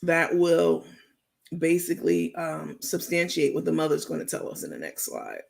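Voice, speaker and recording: Host: New York woman, gravelly, loose slangy gossip talk. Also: low voice, sing-song, darkish tone. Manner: chatty, drawn-out, slangy, full of fillers. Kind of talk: gossip commentary stream.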